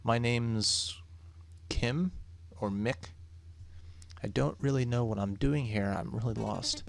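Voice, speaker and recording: A man's voice: medium pitch, slow pace, vocal fry, a little hiss or hum. A man voicing a timid, apologetic lost boy. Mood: nervous. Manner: hesitant, stammering, apologetic. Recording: game music underneath.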